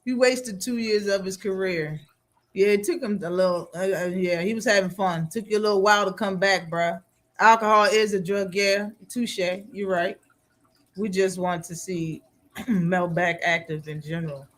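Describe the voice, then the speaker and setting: A man's voice: sits high, steady tone, moderate pace, fairly bright tone. A man hosting a live boxing talk stream, reacting casually with slang and frequent laughter.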